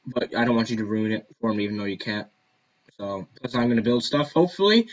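A man's voice: medium pitch, fast talker, muffled recording. A man giving casual gameplay commentary, rambling and joking to himself. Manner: rambling, jokey self-talk. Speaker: gaming video host.

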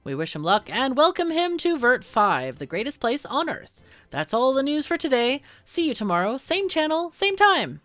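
A woman's voice: sits high, very animated, normal speed, dry recording, faint music behind, voice pushed up. A woman doing a perky state TV newscaster. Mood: cheery. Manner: bright announcer cadence.

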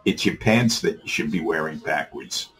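A man's voice: rumbling low, normal speed, a bit bright, pitched below the performer's own voice. A man doing a blunt, shrewd old Jewish man. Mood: matter-of-fact.

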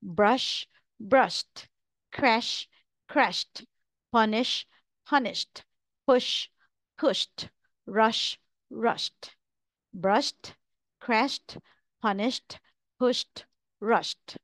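Reading verb pairs aloud, a woman teaches English pronunciation in a slow, deliberate drill, enunciating each word carefully. Her pitch is fairly high and her tone fairly bright, and the dry recording has a clean studio sound.

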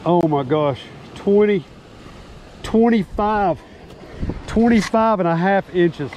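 A man, a fishing vlogger who talks excitedly and exclaims a lot while surf fishing outdoors. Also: high-pitched, slow, highs cut off. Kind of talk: excited outdoor vlog commentary. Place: outdoors on an ocean beach, surf behind. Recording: outdoor recording with loud surf noise.

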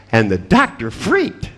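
Animated, profane male storyteller. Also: high voice, breathy edge. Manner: profane, laughing storyteller acting out dialogue. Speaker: seminar speaker. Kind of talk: storytelling talk to an audience.

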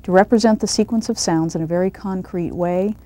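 A woman narrating an instructional video on reading and coaching a student calmly, step by step. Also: on the low side, brisk. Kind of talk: scripted narration and one-on-one teaching.

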